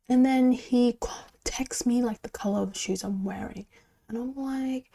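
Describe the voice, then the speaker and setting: A woman's voice: on the high side, normal speed, gravelly, warm tone. A young woman telling a story in a casual podcast, chatty, with lots of "like" and asides that drop to a whisper. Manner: chatty, heavy use of "like", drops into whispers. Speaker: podcast host.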